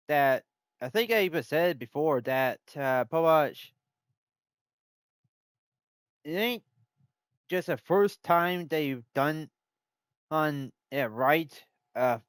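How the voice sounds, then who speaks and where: A man's voice: a little high, dry recording, clean studio sound. A man streaming a game live, rambling and thinking aloud as he plays. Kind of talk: live gameplay commentary.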